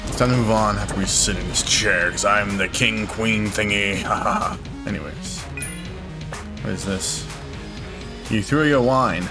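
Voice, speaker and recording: A young man giving casual gameplay commentary, swearing a lot and swinging into excitable, frustrated outbursts. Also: lowish voice, a little slow. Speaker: gamer. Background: game music.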